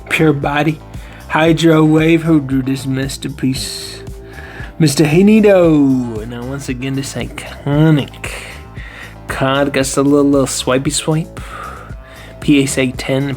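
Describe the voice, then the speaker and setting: A man hosting a comedic card review vlog, talking in a hyped, slangy, jokey way. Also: mid-range voice. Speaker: collectibles channel host.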